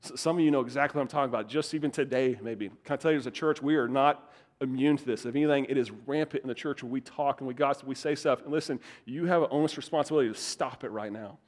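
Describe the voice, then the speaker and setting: A young adult man preaching a sermon as pastor, animated, repeating words and swinging from loud bursts to hushed asides. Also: medium pitch, fast talker.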